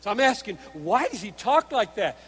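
A man preaching a sermon in an earnest, emphatic way, moving between hushed stretches and forceful ones. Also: high-pitched, very animated, moderate pace, breathy edge. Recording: hall reverb.

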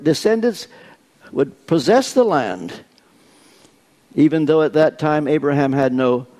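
Older preacher, slow and higher-pitched. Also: male voice, mellow. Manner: unhurried storytelling with dry humor. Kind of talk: sermon.

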